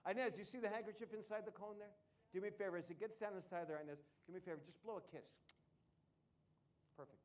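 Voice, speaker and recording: A man's voice: high voice, fairly even intonation, fast talker, a little mellow. A man performing a live comedy magic show, joking with volunteers from the audience between tricks.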